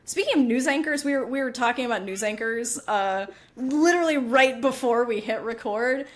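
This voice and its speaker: A woman co-hosting a book podcast, chatting casually, upbeat and teasing her co-host. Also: fairly high pitch. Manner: upbeat, teasing, quick to laugh.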